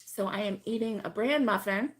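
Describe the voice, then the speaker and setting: A middle-aged woman hosting a casual crochet live stream, chatting with viewers by name and laughing often, her voice still hoarse from being sick. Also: mid-range voice, moderate pace. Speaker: crochet channel host.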